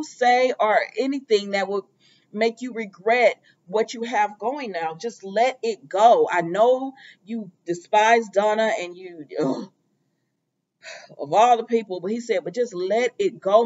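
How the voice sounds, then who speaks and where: A woman casually recapping a soap opera episode, retelling scenes with quoted lines, many fillers and exasperated asides. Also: medium pitch. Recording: dull lo-fi audio.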